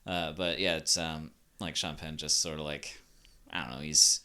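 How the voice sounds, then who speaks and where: Man, very low pitch, bright forceful tone, casual chat, lots of "like". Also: level tone, normal speed, clean tone. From Boston area. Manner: fillers like "like", swears casually. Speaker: podcast co-host.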